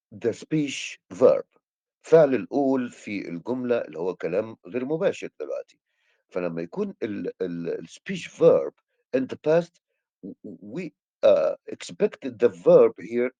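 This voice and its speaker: A man's voice: mid-range voice, dark tone, no room sound, highs cut off. A male English teacher with an Egyptian accent, a native Arabic speaker, explaining grammar hesitantly with many fillers and restarts.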